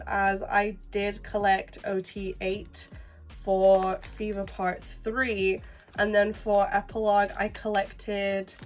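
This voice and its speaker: A woman with a head cold, her voice nasal and deeper than usual, chatting casually through a collecting vlog. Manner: chatty, rambling, lots of "like". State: has a cold, blocked nose. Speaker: collecting vlogger. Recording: distant mic with faint background music.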